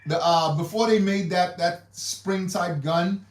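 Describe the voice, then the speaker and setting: A man's voice: high-pitched, fairly even intonation, unhurried, a little hiss or hum. A man hosting a casual livestream, rambling and repeating himself with hesitant restarts. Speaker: livestream host. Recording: echoey room, mic far off.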